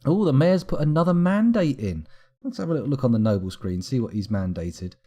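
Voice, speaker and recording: A man's voice: mid-range voice, expressive, a little fast, dark tone. A man giving live, casual commentary while streaming a game, rambling along with wry asides.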